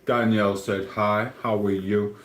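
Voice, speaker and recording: A man with a fairly low voice hosts a casual live stream, reading viewers' comments aloud. His delivery is blunt and offhand. The sound is roomy and echoey. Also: flat delivery, a little slow, fairly bright tone. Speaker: livestreamer.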